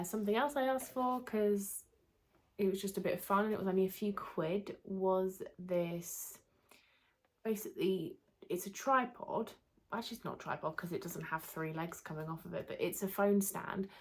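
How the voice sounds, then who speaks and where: A young woman with a British accent chatting casually on her vlog, rambling and laughing at herself, a little hoarse as she loses her voice. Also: lowish voice. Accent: British English. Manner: chatty, rambling, self-deprecating, light laughter. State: slightly losing her voice. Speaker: YouTuber. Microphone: camera mic under a ring light.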